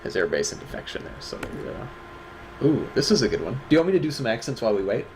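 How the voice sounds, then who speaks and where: A man's voice: medium pitch, very animated, very fast, a little hiss or hum. A man with a Midwestern accent co-hosting an online awards stream, joking and teasing his co-host in casual chat. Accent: Midwestern American.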